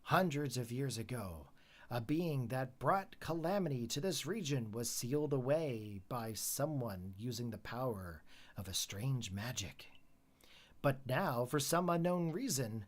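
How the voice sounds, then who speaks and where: Earnest young woman with dire news read by a streamer, slow and pleading, lively pitch. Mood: urgent.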